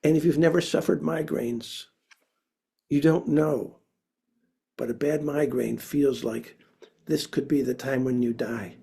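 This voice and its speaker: Slow, gravelly-voiced male storyteller. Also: medium pitch. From Minnesota, USA. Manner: expressive, with sudden drops to a hush. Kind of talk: personal storytelling to an audience.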